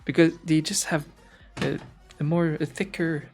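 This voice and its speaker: A man's voice: on the high side, fairly even intonation, a little slow, darkish tone, soft background music. Man chatting loosely on stream. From French-speaking Canada. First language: French. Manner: rambling, searches for words, frequent fillers and restarts. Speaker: art streamer. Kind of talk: casual chat while drawing on stream.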